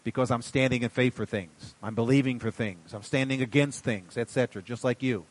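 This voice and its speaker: A man preaching a sermon in a folksy way, swinging from quiet asides to loud emphatic bursts. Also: medium pitch, fairly quick. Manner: folksy, calls listeners buddy and darling. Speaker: pastor.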